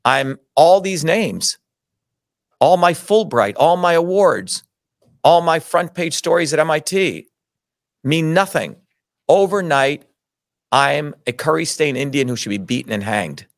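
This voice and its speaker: A man's voice: a little high, lively intonation, unhurried, vocal fry, no room sound, studio quality. A middle-aged man telling his own story in an interview, indignant, emphatic and full of swearing. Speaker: interview guest. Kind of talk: heated personal storytelling.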